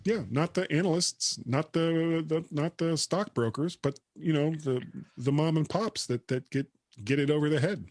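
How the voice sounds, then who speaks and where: A man co-hosts a tech podcast in a relaxed, chatty way, often chuckling as he reads out items. His voice sits fairly high for a man. The recording is dry and close, with no room sound. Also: normal speed, hardly any pauses, dry recording. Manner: chatty, laughs while reading news. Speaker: podcast co-host. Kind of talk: casual chat.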